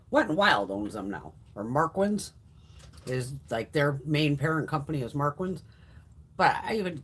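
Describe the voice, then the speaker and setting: Her voice is low, husky, and a bit bright. As host of an informal beauty livestream, she reads viewer comments and airs blunt opinions packed with swearing, chatting and rambling with many false starts.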